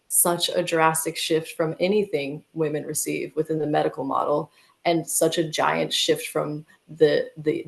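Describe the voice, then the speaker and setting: A woman's voice: deep voice, vocal fry. An American woman telling a vivid, emotional personal story as a podcast guest, with many "like"s. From United States.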